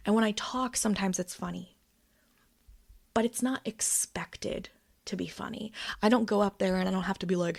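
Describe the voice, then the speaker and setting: A woman's voice: medium pitch, moderate pace, gravelly. A woman in her thirties giving a candid personal update, telling a story in a worked-up, swearing way. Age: 30s. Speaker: vlogger.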